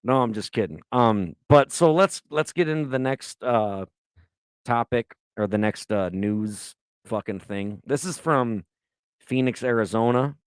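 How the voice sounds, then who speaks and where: A man in his thirties holds forth on a podcast, drifting from one tangent to the next and swearing constantly. His voice sits at an ordinary middle pitch. The sound is dry and close, with no room echo. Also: unhurried, clean tone. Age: 30s. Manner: profane, rambling storyteller. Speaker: podcast co-host. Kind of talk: casual chat.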